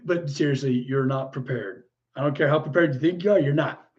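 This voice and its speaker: A man's voice: mid-range voice, brisk. A man hosting a livestream, chatting casually with viewers and reacting to their comments, chatty and easily delighted. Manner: chatty and easily delighted, frequent exclamations and laughs. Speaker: livestream host. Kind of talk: casual live chat reading viewer comments. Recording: muffled lo-fi stream audio.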